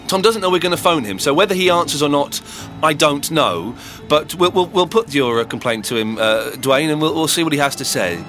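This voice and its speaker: A man hosting a podcast in casual chat, teasing and lively, often stumbling and repeating words. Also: fairly high pitch, fairly quick, few pauses, faint music behind. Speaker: podcast host.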